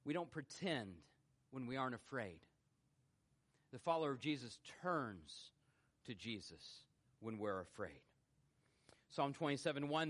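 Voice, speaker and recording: A man preaching a sermon as a pastor, swinging between loud rhetorical questions and hushed, low emphasis. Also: animated, a little slow, long pauses. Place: church sanctuary.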